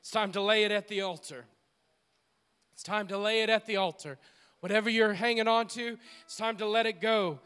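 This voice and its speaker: A man's voice: high voice, fairly even intonation, moderate pace, a bit bright, clear, resonant tone. A man preaching a sermon as pastor in a church, with an impassioned, repetitive preaching cadence. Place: church sanctuary.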